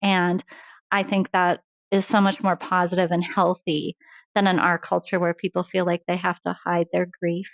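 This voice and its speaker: A woman's voice: lowish voice, flat delivery, moderate pace, no echo, lo-fi sound. A woman guest talking earnestly in an interview about faith and grief, often laughing as she tells stories. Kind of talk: faith-based interview conversation.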